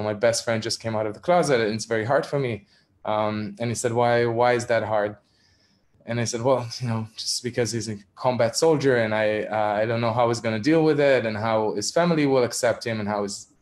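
Speaking over a video call, this man from Israel has a mid-range voice and shares a personal story as an activist in an online talk. His delivery is frank and self-mocking, filled with ums and quiet chuckles.

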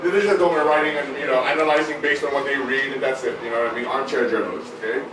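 A man's voice: medium pitch, fairly even intonation, fast talker, a crowd in the background. A man with an American-sounding accent gives an emphatic forum talk and often tags his points with "okay?". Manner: emphatic, keeps adding "okay?". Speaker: forum speaker. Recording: very echoey hall, far from the mic, faint noise.

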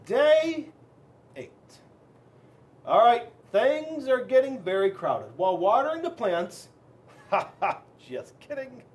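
A man, a school resource officer, reading a children's book aloud in an animated, expressive way. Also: high voice, slow pace.

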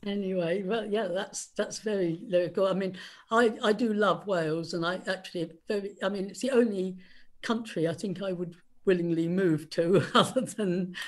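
A woman from England hosts an online panel at a mid pitch. She laughs readily as she moves the talk from one guest to the next, keeping things light. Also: moderate pace. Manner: warm-hearted and laughing easily. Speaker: panel host. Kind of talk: hosting a panel discussion.

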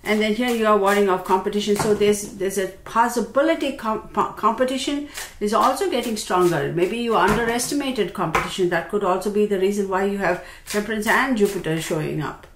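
A woman gives a casual tarot reading and talks straight to her viewers in a chatty, expressive way. Her voice sits at an ordinary middle pitch. The recording sounds roomy, with a faint hiss behind her. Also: fairly quick. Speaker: tarot reader. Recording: roomy with faint background noise.

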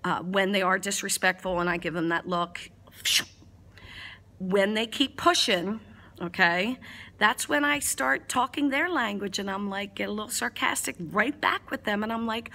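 A woman's voice: mid-range voice, normal speed, sharp tone. A woman in her forties, a mother of four, answers viewers' parenting questions in a casual way. She talks frankly and jokes in a no-nonsense style.

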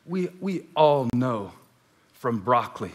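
A man preaching a sermon to a church crowd, starting hushed and building to shouting, repeating lines for emphasis. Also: mid-range voice, very animated, slow pace. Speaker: pastor. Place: large church auditorium.

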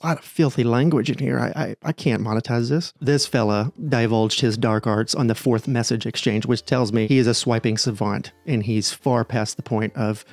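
A man in the middle of reaction commentary, sarcastic and animated as he picks apart screenshots. His voice sits at an ordinary male pitch. The delivery is loose and conversational. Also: moderate pace, few pauses, no room sound. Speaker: social media commentator.

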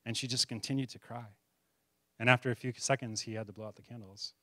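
Pastor telling a story in a sermon. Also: male voice, mid-range voice, quick pace, dry recording, clean studio sound. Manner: animated storyteller, voices the characters' quotes. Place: church sanctuary.

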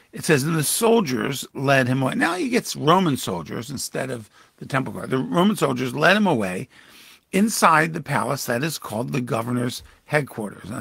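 A man's voice: medium pitch, vocal fry, fairly bright tone, slightly rough, dry recording. A pastor reading scripture aloud and commenting on it in a devotional Bible teaching, with sudden emphatic rises in his voice. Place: church livestream.

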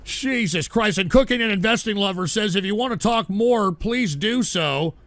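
Heard close on a dry mic, a male talk radio host rants at full force on a live stream at a moderate pace. His voice is high, gravelly, bright and edgy, and he swears, stammers and lurches from low grumbling to furious yelling at trolls.

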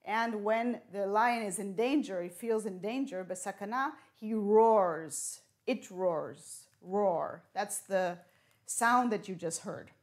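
Woman teaching English slowly. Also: mid-range voice. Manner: slow, clear teacher talk with riddles and Hebrew glosses. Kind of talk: broadcast classroom lesson.

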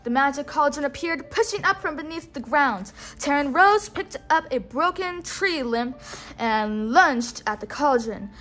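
Slow high-voiced woman reading aloud. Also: expressive, a bit bright. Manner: pauses to have the listener repeat words. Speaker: storytime reader. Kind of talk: read-along storybook narration.

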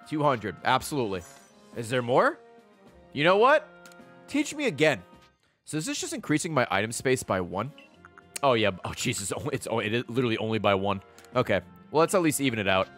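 Man streaming a game, slightly high voice, huge pitch swings, cursing, excitable reactions. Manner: profane, excitable running reactions. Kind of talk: casual gameplay commentary.

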